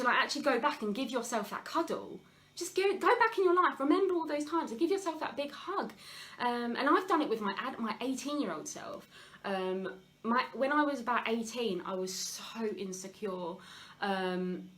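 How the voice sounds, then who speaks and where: A woman's voice: a little high, fairly bright tone, rough recording. A woman hosting a live health talk, talking openly and confessionally about her past, with many fillers and restarts. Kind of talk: live Q&A, personal sharing.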